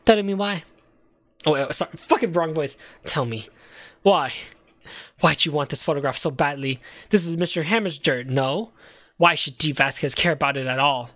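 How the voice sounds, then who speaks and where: A man's voice: fairly high pitch, normal speed, a bit bright, no echo, close to an everyday voice. A man voicing an earnest young male defense lawyer in a video game, firm and accusing.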